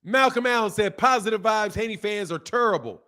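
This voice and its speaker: High-pitched guy hosting a boxing live stream, ranting and slangy, reading chat. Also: brisk. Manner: animated, ranting, slangy, apologetic swings. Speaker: boxing channel host.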